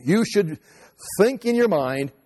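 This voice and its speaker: A man's voice: high-pitched, animated, takes it slowly, darkish tone, long reverb tail. A man preaching a sermon as pastor, talking conversationally and joking at his own expense. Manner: conversational, self-mocking humor.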